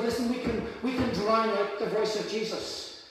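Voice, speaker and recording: A man's voice: high-pitched, moderate pace. A man preaching a sermon with emphatic repetition, recorded from a distance in a church hall. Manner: emphatic, repeats phrases for effect. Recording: echoey hall, mic at a distance.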